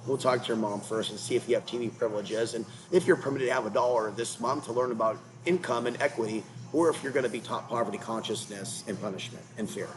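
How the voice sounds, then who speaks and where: A man hosting his own channel delivers a rambling commentary rant, apparently from inside a car, against a noisy background. His mid-range voice moves fast with few pauses, and he sounds agitated, repetitive and confrontational.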